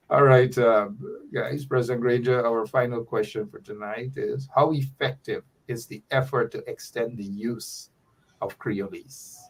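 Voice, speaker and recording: Husky talk show host. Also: male voice, medium pitch, steady tone, a little slow, distant mic, rough recording. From Guyana. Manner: storytelling, playful. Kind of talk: casual talk show chat.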